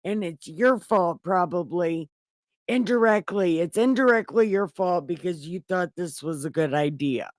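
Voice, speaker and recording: Woman voicing Adam, whiny, defensive, high shouting complaints, dry. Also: unhurried, dry recording, lightly acted.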